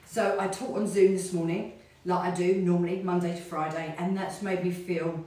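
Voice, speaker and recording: A middle-aged woman talks in a loose, rambling way as a fitness instructor, keeping up the chat while she exercises. Her voice sits slightly low. It rings around a very echoey studio and is picked up from a distance. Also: fairly even intonation, normal speed, dark tone. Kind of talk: casual chat while hula hooping.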